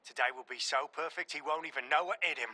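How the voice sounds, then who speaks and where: A man's voice: a little high, fast, bright, forceful tone, dry recording, studio quality. An actor playing a brash young male chef in an anime dub, boastful.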